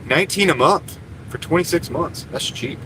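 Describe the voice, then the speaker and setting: A man's voice: a little high, animated, normal speed, pushed and bright, a little hiss or hum, rough recording. A man livestreaming from inside a parked car, chatting casually with his viewers and rambling with lots of fillers. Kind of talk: casual live stream chat reading comments.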